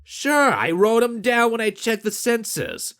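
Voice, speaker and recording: A man voicing a blunt, skeptical young woman on a spaceship crew, pitching his voice up into a lighter register. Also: wildly swooping pitch, unhurried, gravelly, a bit bright, full character voice.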